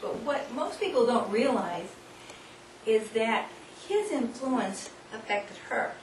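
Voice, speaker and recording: A woman with a fairly high voice runs a hands-on demonstration in front of an audience, coaxing volunteers and laughing often. She is heard from far off in a roomy, echoing hall. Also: lively intonation, takes it slowly. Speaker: seminar speaker. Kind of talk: live workshop demonstration. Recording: distant, echoey room recording with noise.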